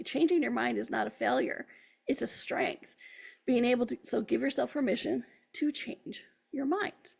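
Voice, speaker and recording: A woman hosting a self-help show, her voice heavy with gravelly fry and a husky grain. She sits a bit above the usual pitch for a woman and talks to her audience in an upbeat, encouraging way. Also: normal speed, a little mellow. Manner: upbeat, encouraging, addresses listeners directly. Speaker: host. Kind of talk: motivational self-help talk.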